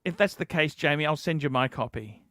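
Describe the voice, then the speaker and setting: A man's voice: a little high, animated, fairly quick, fairly bright tone, dry recording, clean studio sound. A man hosting a livestream, telling a heated, profane story in a ranting chat. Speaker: livestream host.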